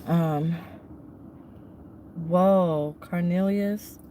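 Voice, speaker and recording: A woman's voice: on the low side, steady tone, extremely slow, dark tone. Tearful woman vlogger over background noise. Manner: tearful, thanking viewers by name. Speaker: trucker and vlogger. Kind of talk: emotional live-stream chat. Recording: noisy background.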